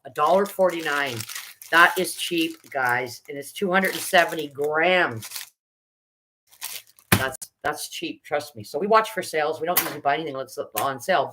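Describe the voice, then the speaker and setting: A woman's voice: deep voice, fairly bright tone, a little hiss or hum, low-quality recording. A middle-aged woman hosting a casual live baking stream, chatting, greeting viewers by name and reading out their comments.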